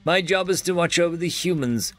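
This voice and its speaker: A man's voice: on the high side, fairly quick, soft background music, voice pushed up, close to an everyday voice. A man voicing an old, sly human housekeeper who mocks a visitor in a storybook reading. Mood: puzzled. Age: older.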